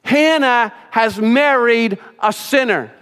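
High-voiced pastor preaching in a reverberant church. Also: male voice, takes it slowly, clean tone. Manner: swings from loud emphatic points to soft hushed asides, repeats phrases. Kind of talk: sermon. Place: church sanctuary. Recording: church sanctuary with long reverb.

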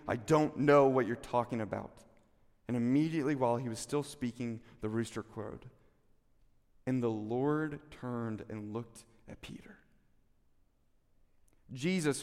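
A man preaching a sermon as pastor, telling the story with animated delivery and acting out the quotes. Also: medium pitch, long reverb tail.

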